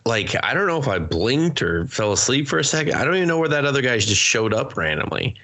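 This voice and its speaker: A man's voice: sing-song, quick pace, sharp tone. A man co-hosting a movie review podcast, chatting casually and acting out scenes in exaggerated voices. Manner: acts out characters in exaggerated high voices, swears, laughs. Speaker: podcast co-host.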